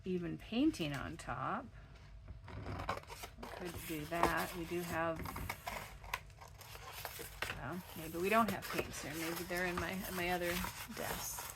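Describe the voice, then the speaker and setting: A woman with a froggy, gravelly voice, chatting step by step through a crafting tutorial at her home craft desk. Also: on the low side, slow, pauses often, heavy background noise. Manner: chatty step-by-step explaining while working. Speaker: craft channel host.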